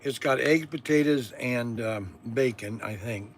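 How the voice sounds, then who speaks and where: A middle-aged man hosting a casual live-stream food tasting, playful and quick to laugh and exclaim. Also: medium pitch, a little hiss or hum. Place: his shop.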